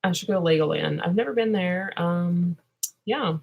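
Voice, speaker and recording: A woman's voice: lowish voice, normal speed, gravelly, narrow, tinny audio. A young woman vlogger answering viewer questions in a rambling, drowsy way that trails off into mumbles. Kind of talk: casual livestream Q&A chat.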